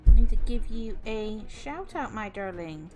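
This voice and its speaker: A woman's voice: medium pitch, expressive, unhurried, over music. A young woman streaming live, casually chatting and effusively thanking her viewers, often exclaiming in shock.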